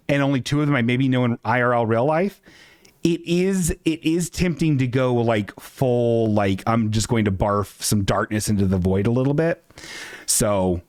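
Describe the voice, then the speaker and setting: A man hosting a live stream from his apartment, ranting in a casual, self-mocking way and jumping into squeaky voices for quotes. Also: moderate pace, a little mellow, no room sound. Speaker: streamer host.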